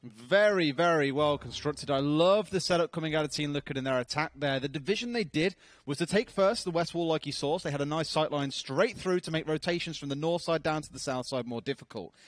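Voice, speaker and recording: A man giving measured, analytical color commentary on an esports match, explaining tactics at length. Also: fairly high pitch, no echo.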